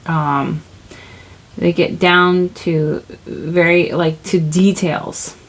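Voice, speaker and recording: On a rough recording, a tarot reader with a lowish, steady voice speaks very slowly through a casual reading, rambling and groping for words with plenty of "like" and "you know."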